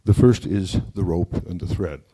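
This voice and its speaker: Storytelling speaker from Wyoming, folksy and humorous, low warm voice. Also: male voice, normal speed, husky. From Wyoming, United States. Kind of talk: storytelling talk to an audience.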